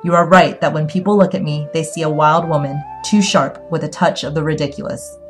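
A woman reading an audiobook, voicing a defiant young woman who speaks sharply and forcefully. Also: deep voice, fairly even intonation, a little fast, soft background music, natural voice. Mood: bitter. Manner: sharp, forceful, rising with anger.

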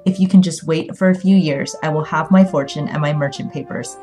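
A woman reading an audiobook, voicing a calm young man who speaks softly and with measured patience. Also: low-pitched, faint music behind, natural voice. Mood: soothing. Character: calm, smooth-talking young man, soft and condescending.

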